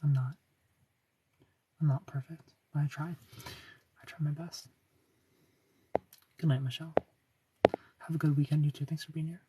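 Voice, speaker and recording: A man's voice: on the high side, flat delivery, normal speed, pauses often, far from the mic, background noise. A British man speaking in a put-on American accent, chatting casually on a livestream and reading viewer comments aloud. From Britain. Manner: chatty, reads comments aloud, laughs often. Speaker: livestream host answering chat.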